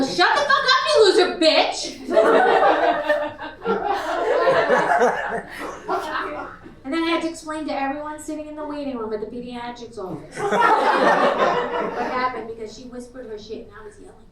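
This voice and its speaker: A woman's voice: a little high, expressive, unhurried, long pauses. A middle-aged woman doing a brash, crude stand-up set in a small comedy club, laughing at her own punchlines. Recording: echoey club recorded from far off. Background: loud crowd laughter.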